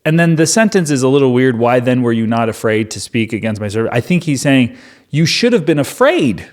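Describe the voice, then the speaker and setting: A man with a mid-range, slightly mellow voice reads scripture quickly in a casual Bible reading, breaking off into joking, sarcastic commentary.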